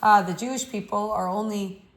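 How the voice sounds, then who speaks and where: A woman's voice: medium pitch, fairly even intonation, moderate pace, natural voice. A woman reading as an earnest old bearded official. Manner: stern yet concerned pleading. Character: elderly bearded male religious school official, earnest. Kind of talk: novel read aloud.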